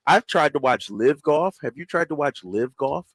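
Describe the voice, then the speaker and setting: Brief: relaxed male co-host, earnest, dry close studio sound. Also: on the high side, normal speed, breathy edge, no echo. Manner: earnest, relaxed, says "man" a lot. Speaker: radio sports co-host. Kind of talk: casual sports talk chat. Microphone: studio microphone.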